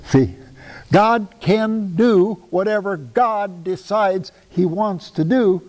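A man's voice: sits high, slow pace, darkish tone, big-room sound, low-quality recording. A man preaching a sermon in a conversational, emphatic way, often asking the listeners rhetorical questions.

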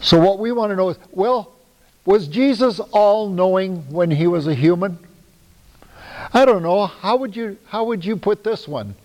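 A man's voice: high-pitched, measured pace, darkish tone, big-room sound, poor audio. A man preaching a sermon in a conversational, emphatic way, often asking the listeners rhetorical questions.

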